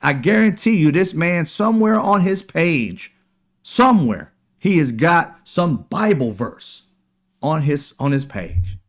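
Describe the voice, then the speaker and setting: A man's voice: fairly high pitch, sing-song, takes it slowly. A man hosting a political commentary show, talking in a heated, sarcastic, preachy way and cursing freely.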